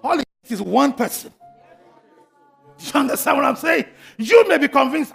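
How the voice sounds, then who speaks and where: Male preacher, very high voice, forceful tone, fervent, repeating lines, faint music behind. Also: animated, normal speed, vocal fry, pauses often. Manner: fervent, repeats lines and builds to shouted blessings. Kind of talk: sermon.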